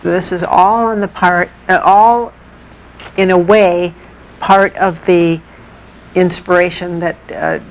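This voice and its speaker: A woman guest explaining regional art history in a measured, thoughtful way with pauses. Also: lowish voice, rough recording. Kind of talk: explaining in an interview.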